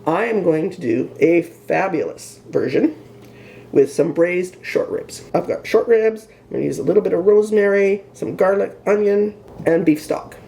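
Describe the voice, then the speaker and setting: A woman's voice: fairly low pitch, animated, normal speed, gravelly, warm tone. A woman hosting a casual cooking demonstration in her home kitchen, chatting and joking at her own expense while she works. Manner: chatty and self-deprecating, talks while cooking. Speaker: cooking show host.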